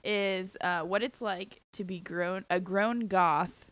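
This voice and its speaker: A woman co-hosting a casual chat podcast, chatty and quick to laugh. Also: on the low side, fairly even intonation, a bit bright, dry recording. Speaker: podcast co-host.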